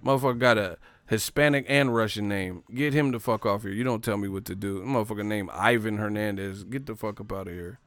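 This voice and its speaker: A man's voice: fairly low pitch, brisk, hardly any pauses, a bit bright, no echo, faint music behind. A man hosting a livestream, ranting in a brash, profane, casual way and laughing often. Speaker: livestream host.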